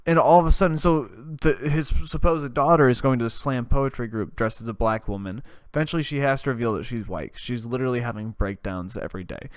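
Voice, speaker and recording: A man's voice: medium pitch, fairly quick, few pauses, clear, resonant tone, no echo, clean studio sound. A man hosting a podcast, retelling a story in a casual, rambling way, swearing and laughing often. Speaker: podcast host.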